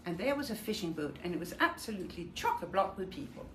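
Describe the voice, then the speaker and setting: Older woman, from Denmark, lowish voice, vivid storyteller, echoey hall, faint hiss. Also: big pitch swings, fast talker, fairly bright tone. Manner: vivid storytelling, acts out quoted dialogue. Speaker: Holocaust survivor giving a talk. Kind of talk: personal memoir talk. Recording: echoey room with faint noise.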